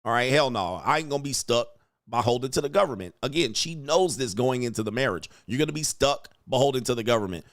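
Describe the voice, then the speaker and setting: A man's voice: mid-range voice, expressive, fast talker, fairly bright tone, no echo, clean studio sound. A man hosting a reaction commentary show, talking in a blunt, crude and mocking way with lots of slang. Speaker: commentary host.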